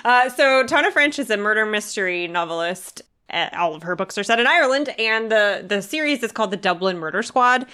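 A woman's voice: mid-range voice, lively intonation, fairly quick, few pauses, bright, forceful tone, clear, resonant tone. A woman co-hosting a podcast, chatting casually about books, laughing often and filling with "like". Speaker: podcast co-host. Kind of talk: casual book chat.

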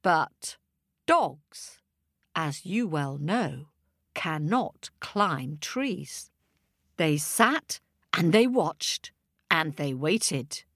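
A woman reading a children's story aloud with an animated, expressive manner. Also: sits low, extremely slow, no echo, clean studio sound.

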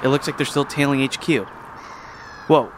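A man's voice: mid-range voice, steady tone, normal speed, a little hiss or hum, lightly acted. A man voicing an easygoing young guy who jokes with his friends.

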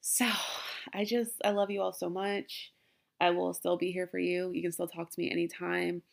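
A woman's voice: on the low side, level tone, normal speed, vocal fry. A young woman hosting a podcast from her den at home, talking casually and emotionally in a rambling way with frequent laughs. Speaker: podcast host. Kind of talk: casual heartfelt farewell talk. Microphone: laptop.

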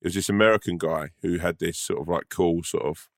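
Bloke on a chat podcast, lowish voice, rambly and teasing, laughs loads, dry sound. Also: male voice, fairly even intonation, brisk, gravelly, no echo. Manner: rambling, teasing, laughs a lot, many fillers. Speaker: podcast co-host. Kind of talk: casual chat.

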